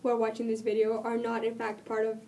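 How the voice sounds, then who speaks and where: A woman vlogging while sick, her voice cracking and dropping out, talking earnestly and rambling with many pauses. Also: on the high side, completely flat delivery, creaky, a little mellow, far from the mic. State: sick, voice cutting in and out. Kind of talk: casual talk to camera.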